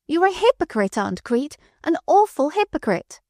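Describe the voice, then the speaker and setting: A woman voicing a furious, shrill young woman who shouts accusations at her aunt, in an audiobook. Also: sing-song, moderate pace, dry recording, clean studio sound. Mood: scornful. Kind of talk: audiobook character voice.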